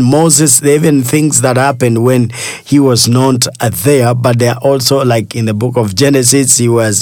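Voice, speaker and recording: A man's voice: mid-range voice, a little mellow, dry recording, clean studio sound. A man, a pastor, giving a devotional sermon and reading scripture, earnest, with many fillers and repeated phrases. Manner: addresses listener as "child of God".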